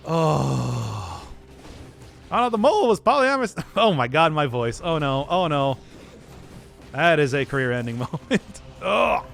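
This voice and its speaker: Male streamer, casual gaming commentary, high voice, very lively pitch, giggly. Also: measured pace, gravelly, pauses often, soft background music. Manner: giggly, self-deprecating banter with chat. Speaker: game streamer.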